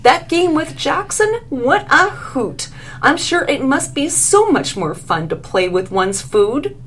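A woman's voice: high voice, very animated, slow pace, a bit bright, slight background noise, pitched above the performer's own voice, full character voice. A woman voicing an eager, gushing, genteel female divine being in a read-aloud story.

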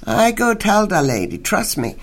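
رجل يؤدي صوت شرطي أجش عميق، يتكلم بإنجليزية مكسّرة ببطء وجفاف. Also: male voice, huge pitch swings, exaggerated voice. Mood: curt. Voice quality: deep rumbling voice, broken English. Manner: slow, clipped, dismissive. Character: gruff local male police officer, curt. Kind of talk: storytelling reading.

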